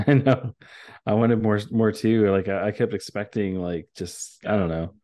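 A man co-hosting a podcast, talking in a laid-back, halting way with lots of fillers. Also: on the low side, fairly even intonation, warm tone. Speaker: podcast co-host. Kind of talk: casual chat.

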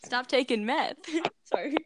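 A woman's voice: high voice, measured pace, slight background noise. A woman from the United States co-hosting a casual chat, giggly and teasing. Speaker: co-host.

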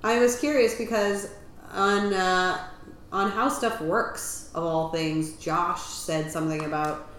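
Lady co-host, kinda low voice, swears a lot, laughs, super echoey room. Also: measured pace. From Canada. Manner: animated, swears, laughs easily. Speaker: podcast co-host. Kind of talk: casual chat. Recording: very echoey room, faint noise.

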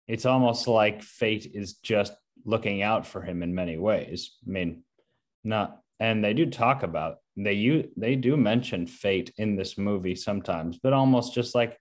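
A man in casual film discussion, animated and acting out quotes from scenes. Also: lowish voice, measured pace. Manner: animated, acts out movie quotes. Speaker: co-host discussing films.

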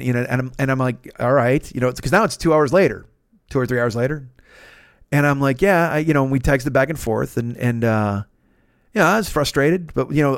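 A man hosting a podcast, telling a long story in a profane, rambling, animated way. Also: mid-range voice, no echo, studio quality. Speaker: podcast host. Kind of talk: casual storytelling monologue.

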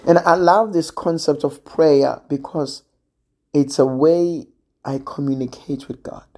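A preacher giving a sermon in a measured, gently emphatic way, pausing often. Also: medium pitch. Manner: slow, measured, with gentle emphasis and long pauses.

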